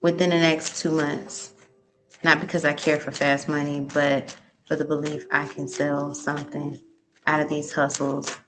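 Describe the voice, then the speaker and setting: Slow-talking woman tarot reader. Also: sits low, level tone. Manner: chatty, hums and sings to herself while waiting; reads viewers' questions aloud. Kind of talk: live-stream tarot reading, casual chat.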